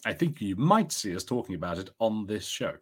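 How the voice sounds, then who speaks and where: A man co-hosting a podcast in casual chat, easygoing and quick to laugh. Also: on the low side, very animated, breathy edge. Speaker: podcast co-host.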